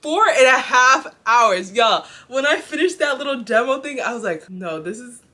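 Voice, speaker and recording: Young woman vlogger, bright and ringing tone; loose, chatty rant full of fillers. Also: a little high, lively intonation, moderate pace. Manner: rambling, heavy filler "like", addresses viewers as y'all and bestie. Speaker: drama review vlogger. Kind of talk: casual chatty rant to camera.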